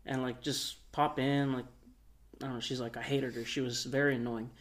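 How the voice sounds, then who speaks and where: A young man with a middle-pitched voice spins out a long anecdote on a podcast. He talks in a relaxed, meandering way, full of fillers and small restarts. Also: normal speed. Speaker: podcast co-host. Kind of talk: casual storytelling.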